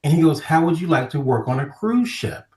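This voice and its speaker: A middle-aged man from Ohio, telling stories as a podcast guest in a lively conversational way and acting out other people's voices. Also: a little high, fairly quick. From Ohio, USA. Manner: animated storyteller, acting out quoted voices. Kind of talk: storytelling in casual conversation. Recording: roomy echo.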